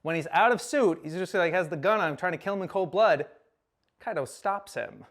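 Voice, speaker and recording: A young man giving a casual recap lecture, animated, acting out characters' lines with sudden loud outbursts. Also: high-pitched, fairly quick.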